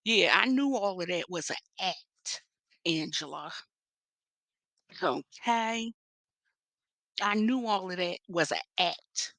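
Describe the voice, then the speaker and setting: A woman with a Philadelphia accent delivers sassy, profane gossip commentary at a slow, deliberate pace. Her voice is bright and forceful, and she hits her stressed words hard. The recording is dry and close. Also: fairly low pitch, animated, dry recording. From Philadelphia area. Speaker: commentary vlogger.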